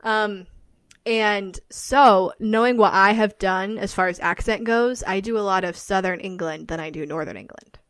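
A woman's voice: mid-range voice, normal speed, a bit bright, smooth, no echo. A woman co-hosting a casual chat podcast, rambling with many filler words. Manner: rambling, lots of "like". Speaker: podcast co-host.

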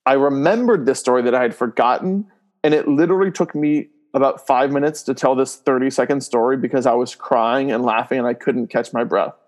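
A man's voice: medium pitch, brisk. A man guesting on a podcast, telling family stories in casual chat, often laughing and filling his talk with "like" and "um". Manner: animated storyteller, laughs often, voices loud screams in stories; many fillers like "like" and "um".

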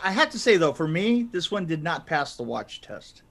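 A middle-aged man co-hosting a casual movie review chat, animated and laughing often as he acts out quotes. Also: fairly high pitch, moderate pace, vocal fry. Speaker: podcast co-host.

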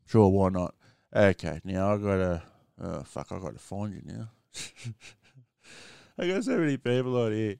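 A man's voice: deep voice, creaky, darkish tone, clean tone, no room sound, clean studio sound. An Australian man hosting a live stream, chatting casually with callers and swearing freely.

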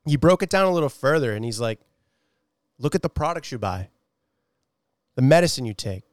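A man co-hosting a casual book-chat podcast, loose and profane, laughing easily as he talks. His voice is a middling pitch, recorded dry and close with no room sound. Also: big pitch swings, a little fast, dry recording. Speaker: podcast co-host.

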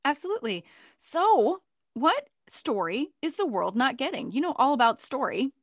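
Brief: animated American woman host, higher voice, swings up and down a lot, dry close recording. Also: normal speed, no room sound. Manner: animated storyteller, acts out quoted voices. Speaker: podcast host. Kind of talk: casual interview chat.

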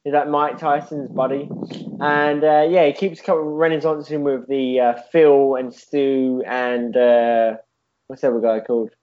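A man's voice: medium pitch, steady tone, measured pace, highs cut off, slight background noise. A man co-hosting a podcast in casual chat, rambling through a silly story with laughs and swearing. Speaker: podcast co-host.

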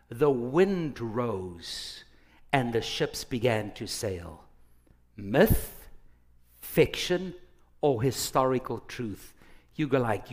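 A middle-aged male pastor preaching a sermon, animated, acting out quotes with big swings from quiet to loud. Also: a little high. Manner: animated, dramatic swings in loudness, acts out quotes.

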